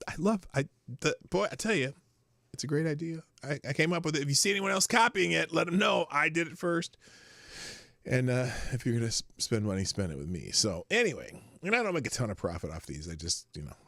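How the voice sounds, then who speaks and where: Lively, bright-voiced man hosting a livestream. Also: on the high side, gravelly, no echo, studio quality. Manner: rambling, laughs often, greets chat viewers by name. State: lingering cough. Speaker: livestream host. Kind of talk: casual livestream chat.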